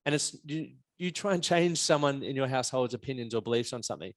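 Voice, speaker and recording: A man hosting a casual podcast, speaking frankly and swearing with ease. His voice sits at a middle pitch, recorded dry and close with no room echo. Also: expressive, fast talker. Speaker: podcast host, men's performance coach.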